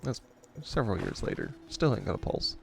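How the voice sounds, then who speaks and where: A man's voice: medium pitch, lively intonation, fairly quick, creaky. A man hosting a gaming channel, rambling through a story in a casual way and chuckling often between remarks. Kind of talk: casual storytelling over gameplay.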